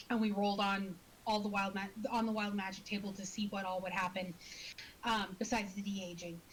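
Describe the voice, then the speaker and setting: A woman in casual conversation, talking fast and eagerly, with frequent restarts and laughter. Her voice sits at an ordinary middle pitch for a woman. A faint hiss runs under the recording. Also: fairly bright tone, low-quality recording. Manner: chatty, laughs often, many restarts. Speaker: podcast co-host. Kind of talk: casual chat about a tabletop character.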